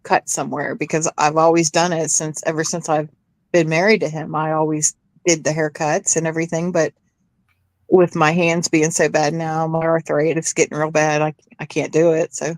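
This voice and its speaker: A middle-aged woman in a casual group chat, telling stories in an animated way and acting out what people said. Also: low voice, normal speed, no room sound. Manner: animated storyteller, acts out quotes. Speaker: chat participant.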